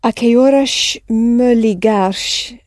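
A woman language student answering carefully and slowly in a lesson. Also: on the high side, darkish tone, no room sound, studio quality. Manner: slow, careful attempts.

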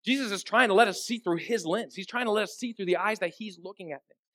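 A male pastor delivers a sermon in a relaxed, conversational manner. He often checks in with his listeners through rhetorical questions. His voice sits quite high for a man. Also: fast talker.

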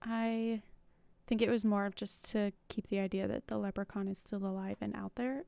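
A woman's voice: medium pitch, level tone, normal speed, creaky, dark tone, clear, resonant tone, dry recording. A young adult woman in casual podcast chat, giving easygoing opinions and asides. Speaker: podcast co-host.

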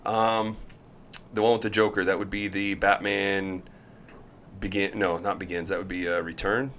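A man in his thirties, a pro pitcher, telling chatty, animated stories as a podcast guest. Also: normal speed, slight background noise. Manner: chatty, animated storyteller who acts out quotes. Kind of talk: podcast interview storytelling.

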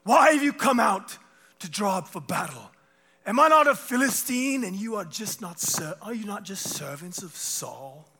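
Guy putting on a big show-off giant warrior, fake british accent, loud and high, super bright. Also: sing-song, normal speed, slightly rough, heavily acted. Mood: taunting. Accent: put-on dramatic British. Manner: loud, booming and theatrical. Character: boastful giant warrior taunting an army. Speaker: preacher.

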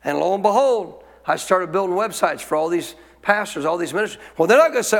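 A man's voice: high-pitched, fast talker, hardly any pauses, a bit bright, long reverb tail. A male pastor preaching a sermon in a conversational way, often asking the congregation questions.

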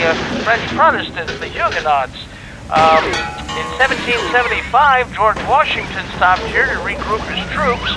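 A man's voice: high-pitched, very noisy, pitched above the performer's own voice. A man voicing a bored male field reporter who talks hesitantly with many fillers. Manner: hesitant, filler-heavy, slow.

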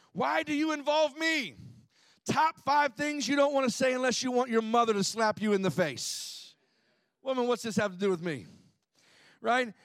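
A man, a pastor, preaching a sermon with humorous, animated storytelling and frequent laughs. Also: sits high, dry recording.

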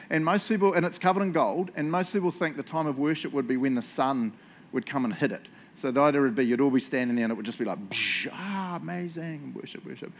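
Chatty man leading a casual Bible talk. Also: mid-range voice. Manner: chatty, jokey, asks the room questions. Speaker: youth or Bible study leader. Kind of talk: casual Bible teaching to a group. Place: indoor room with a group.

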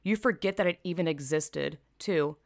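A woman talks straight into the mic, her low voice rough with vocal fry. She comments bluntly and sarcastically and swears often. The sound is dry, with no room echo. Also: moderate pace. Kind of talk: opinion vlog commentary.

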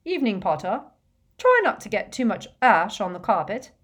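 A woman voicing a stern, dry older female teacher in an audiobook, brisk in her speech. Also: mid-range voice, big pitch swings, fairly bright tone, husky, voice pushed up. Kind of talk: audiobook character voice.

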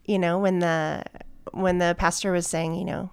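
A middle-aged woman chatting casually as a guest. She tells her story in a warm, chatty way and laughs often. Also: fairly low pitch, steady tone, normal speed, vocal fry, clear, resonant tone, no room sound.

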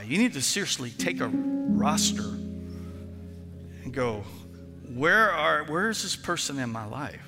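A male pastor preaching a sermon in an animated storytelling manner, acting out phone calls with friends. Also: fairly high pitch, in a large hall.

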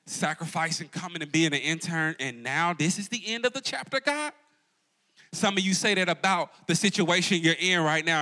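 A slightly high, sharp voice with lively intonation and a normal pace belongs to a campus pastor preaching to a congregation in a church auditorium. He calls out to the listeners call-and-response style, swinging his pitch for emphasis.

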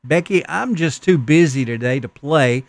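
A man's voice: fairly high pitch, expressive, normal speed, vocal fry, no echo. A man voicing a busy young mother who hurriedly brushes off her little daughter.

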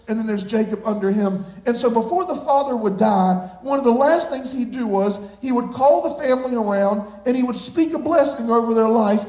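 A man preaching a sermon as a pastor, telling stories with frequent laughter. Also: extremely high pitch. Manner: animated, laughing storyteller. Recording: echoey room.

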